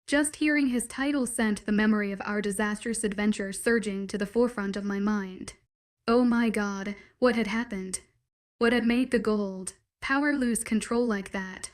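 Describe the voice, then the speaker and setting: In a steady storyteller's manner, a woman voices a dramatic first-person fantasy narrative. Her inner monologue unfolds at a measured pace, in a voice of typical mid-range pitch.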